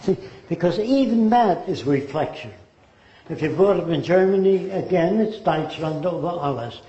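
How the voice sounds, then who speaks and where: A man's voice: a little high, expressive, normal speed, dark tone. Older man lecturing with rhetorical questions. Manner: emphatic, rhetorical questions, mimics accents. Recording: dull, roomy recording.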